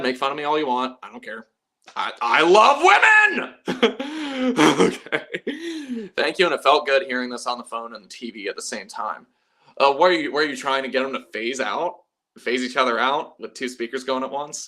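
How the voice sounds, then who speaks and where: Young guy rambling on his stream, bright edgy voice, swears a lot, laughs at himself. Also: mid-range voice. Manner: chatty, profane, self-mocking, laughs often. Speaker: livestream host. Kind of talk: casual livestream chat.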